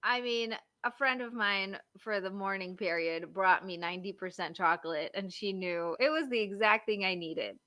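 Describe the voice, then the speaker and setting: A woman's voice: medium pitch, normal speed, hardly any pauses, bright, forceful tone, no echo. A woman in her thirties, a marriage coach, chatting casually on a podcast and telling stories full of fillers. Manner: chatty storyteller, lots of likes and you-knows.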